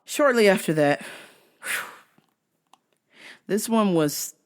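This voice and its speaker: Woman host, animated comic storyteller, profane, very lively pitch. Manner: animated, profane, laughing, quick asides.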